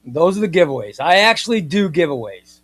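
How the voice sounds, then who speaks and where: A man's voice: a little high, a little fast. Chatty man hosting a live stream. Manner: playful, mock-indignant, chatty and excitable. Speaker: host of a live comics stream. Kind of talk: casual live-stream chat reading viewer comments.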